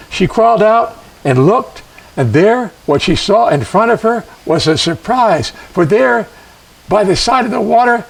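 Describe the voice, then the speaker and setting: A male storyteller performing a traditional legend. His voice is husky and lively, with measured dramatic pauses, picked up by a mic some distance away. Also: sits high.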